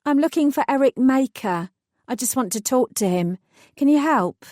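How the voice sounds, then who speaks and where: A breezy fairy godmother, polite and cheery, lifting her voice into a bright, friendly tone, as a woman reads her in an audiobook. The sound is close and dry. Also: sits high, expressive, normal speed, dry recording, voice pushed up.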